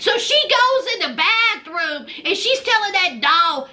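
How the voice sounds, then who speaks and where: A woman giving sassy, animated casual commentary on a reality show, with folksy asides. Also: very high voice, measured pace, a little hiss or hum.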